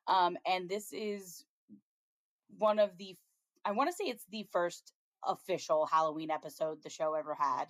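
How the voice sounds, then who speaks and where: Chatty woman, low voice, very dry sound. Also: normal speed, no room sound. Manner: chatty, frequent ums, laughs while retelling scenes. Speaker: podcast co-host. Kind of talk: casual chat, recapping a TV episode.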